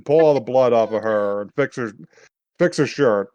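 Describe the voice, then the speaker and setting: A man's voice: medium pitch, normal speed, a little mellow, no echo, highs cut off, lightly acted. A man voicing a weary, blunt male sorcerer in his own casual, profane manner while recapping an anime. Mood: exasperated.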